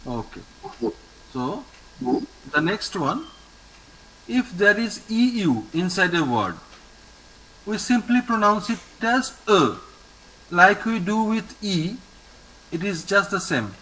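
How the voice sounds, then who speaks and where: A man's voice: sits high, big pitch swings, slow pace, long pauses, sharp tone, low-quality recording. A man teaching a French lesson. He repeats words patiently and praises his student often. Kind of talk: online language lesson with a student.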